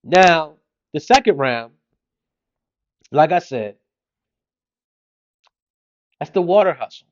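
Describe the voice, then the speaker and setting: A man's voice: a little high, lively intonation, slow pace, pauses often, highs cut off. A man in his thirties, a father doing an exasperated comedic monologue about his kids.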